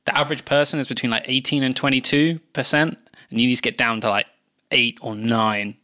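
A man's voice: medium pitch, steady tone, brisk, sharp tone. A young man co-hosting a podcast in casual chat, easygoing, full of fillers and dry jokes. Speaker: podcast co-host.

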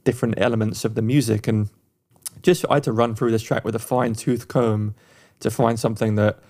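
A man's voice: on the low side, fairly even intonation, brisk, darkish tone. A man co-hosting a music podcast, talking enthusiastically in casual, rambling chat with frequent restarts. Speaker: podcast co-host reviewing songs.

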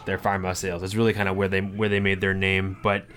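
A man's voice: deep voice, completely flat delivery, fast talker, a bit bright. A man co-hosting a podcast, talking casually and enthusiastically with lots of fillers. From Florida. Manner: rambling, enthusiastic, many fillers. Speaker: podcast co-host. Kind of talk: casual chat.

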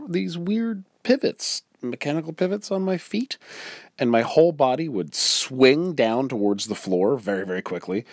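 A man's voice: mid-range voice, no echo, studio quality. A man groggily recounting a strange dream in a casual, rambling monologue.

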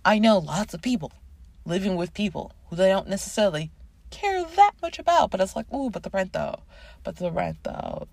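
A woman podcast host in her thirties talks casually into a close mic, her pitch swinging widely as she chats. She is animated and easily sidetracked, with the odd swear word, and the sound is dry and close with no room around it. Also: no room sound. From Canada. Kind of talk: casual chat.

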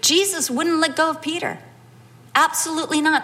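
A middle-aged woman preaching a sermon, telling a personal story with animated, acted-out quotes. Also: high voice, moderate pace.

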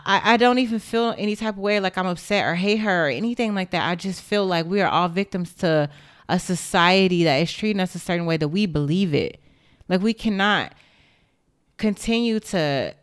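A woman's voice: lowish voice, smooth, dry recording, studio quality. A young woman giving an impassioned, indignant monologue straight to the camera, blunt and emphatic, with swearing.

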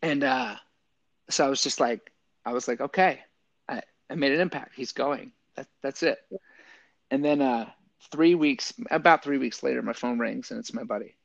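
A man, a podcast guest and yoga teacher, telling a story casually with lots of fillers and lively quoted voices. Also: medium pitch, normal speed, vocal fry, no echo, dull audio.

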